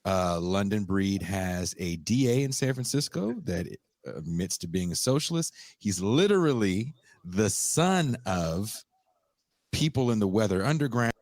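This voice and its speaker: Deep-voiced male podcast host. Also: very animated, a little slow, darkish tone, dry recording. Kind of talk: podcast commentary.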